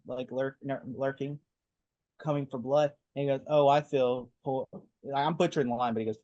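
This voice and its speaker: A man co-hosting a casual movie talk, excitedly retelling scenes in a rambling way. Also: mid-range voice, brisk, dull audio. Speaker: podcast co-host.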